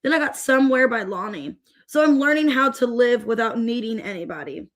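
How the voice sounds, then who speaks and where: A woman's voice: a little high, lively intonation, brisk, a bit bright. A young woman giving a casual, rambling tarot reading and greeting viewers by name as she goes. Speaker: tarot reader.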